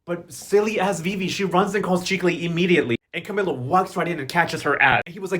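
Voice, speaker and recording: A man doing a sassy, slang-heavy recap of a soap opera, mocking the characters in quick asides. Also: sits high, expressive, a bit bright. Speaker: novela recap host.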